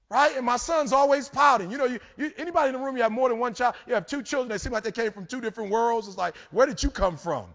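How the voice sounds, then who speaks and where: A man giving a motivational keynote, telling stories and building to shouts. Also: high voice, vocal fry. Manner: preachy, storytelling, rising to shouts. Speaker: keynote speaker. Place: large conference hall. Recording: dull hall recording with long reverb.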